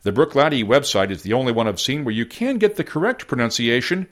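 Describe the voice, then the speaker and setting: Wry, animated American podcast host. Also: male voice, mid-range voice, quick pace. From United States. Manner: wry, self-deprecating. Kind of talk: scripted podcast narration.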